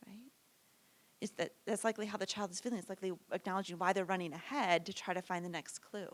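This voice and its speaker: Speaking quickly in a steady, medium-pitched voice, a woman leads a parenting workshop with an easy, talky style. She peppers her points with "right?" and briefly plays both parent and child in little snippets of dialogue.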